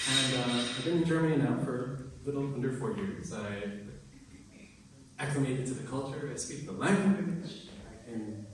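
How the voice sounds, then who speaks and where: A man's voice: mid-range voice, moderate pace, noisy background. A young American man performing impromptu stand-up comedy, talking to the crowd in a crude, exasperated way. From United States. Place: open mic venue. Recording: echoey room, distant mic, crowd ambience.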